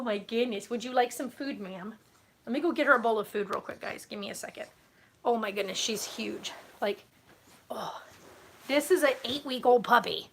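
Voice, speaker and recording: High-voiced woman vlogging casually. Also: a bit bright. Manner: rambling, filler-heavy, coos baby talk to a puppy. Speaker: homesteading vlogger. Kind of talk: casual vlog chat.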